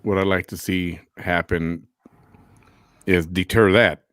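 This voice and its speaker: A man's voice: low-pitched, fairly even intonation, slow pace, a bit bright, no echo, studio quality. A man hosting a casual chat show, rambling and repeating himself. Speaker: host.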